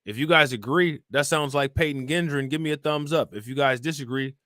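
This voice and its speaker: A man's voice: on the high side, a little fast, a bit bright, no echo, clean studio sound. A man hosting a live-stream crime show, talking loosely and conversationally, reading reports aloud and keeping asking the viewers questions. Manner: loose and conversational, keeps asking "you know what I'm saying?"; reads charges and reports aloud, then reacts and questions viewers. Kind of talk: casual live-stream commentary reading news and chat.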